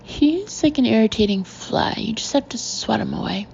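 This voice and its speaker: Woman reads gushing society gossip, breathy, low, gravelly. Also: animated, normal speed, darkish tone, muffled recording, slight background noise. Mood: gossipy. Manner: breathy, confiding, chatty.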